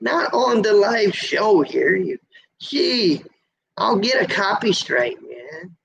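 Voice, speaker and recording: A man's voice: sits high, sing-song, takes it slowly, vocal fry, fairly bright tone. A middle-aged man hosting a trucker's live stream, chatting casually, reading out viewer comments, teasing folksy and preaching about road safety. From USA. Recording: dull lo-fi live-stream audio.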